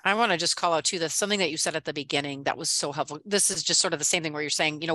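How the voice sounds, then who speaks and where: A session facilitator talking fast with a bright, forceful tone over a video call. The sound is close and dry, and the delivery is animated, with quoted remarks acted out. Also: mid-range voice, dry recording. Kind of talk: clinical teaching discussion.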